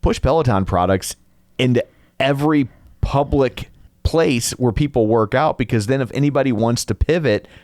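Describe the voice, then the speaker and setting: A man's voice: medium pitch, normal speed, darkish tone, no echo, studio quality. A man co-hosting a podcast in casual chat, full of playful jokes and made-up asides. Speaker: podcast co-host.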